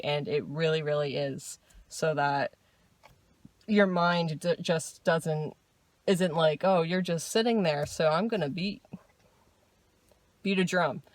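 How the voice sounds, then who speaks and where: Woman vlogger, slow and unhurried, lowish voice, rambling diary talk in a dry, close recording. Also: dry recording. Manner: rambling and self-interrupting, laughs often. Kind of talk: casual personal diary vlog. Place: dark room at night.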